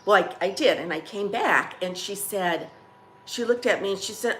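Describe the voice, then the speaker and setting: Over slight background noise, a vlog host speaks at normal speed in a mid-range, fairly bright voice. She's running a relaxed coffee-chat video, rambling and chatting as she shares stories, often restarting or trailing off.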